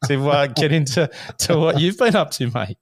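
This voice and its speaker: Hoarse Australian man telling stories. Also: a little high, normal speed, no echo, studio quality. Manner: animated storytelling, laughs through it. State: hoarse from illness. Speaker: podcast host. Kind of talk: casual chat.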